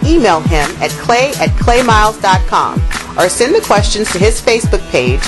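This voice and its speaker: Woman reading a teasing outro over hip hop, lively pitch. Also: normal speed. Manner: dry, teasing. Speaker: podcast outro announcer. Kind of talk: scripted outro with jokes. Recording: hip hop music underneath.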